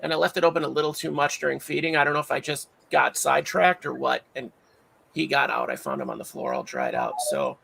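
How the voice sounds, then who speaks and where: A man's voice: on the high side, animated, fairly quick, pushed and bright, a little hiss or hum, low-quality recording. A man hosting a livestream, chatting casually and rambling with many fillers. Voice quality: gravelly, raspy voice. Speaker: livestream host. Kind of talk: casual chat.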